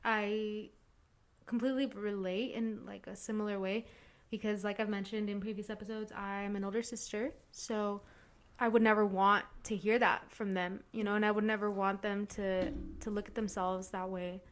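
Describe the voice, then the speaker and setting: A woman's voice: mid-range voice, flat delivery, normal speed. A young woman co-hosting a podcast, speaking earnestly and giving the listener direct advice in casual chat. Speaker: podcast co-host.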